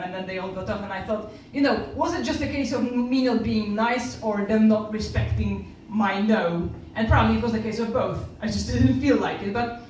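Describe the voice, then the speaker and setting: A woman's voice: on the high side, slight background noise. Polish-accented woman doing stand-up. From Poland. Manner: animated storytelling, acting out other people's lines. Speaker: stand-up comedian. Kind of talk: stand-up comedy set. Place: comedy club stage. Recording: echoey room from far off.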